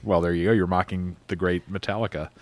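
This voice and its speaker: A man's voice: deep voice, steady tone, quick pace, no echo. A man co-hosting a podcast in casual chat, drunk and rambling loosely. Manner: rambling, loose, self-correcting. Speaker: podcast co-host.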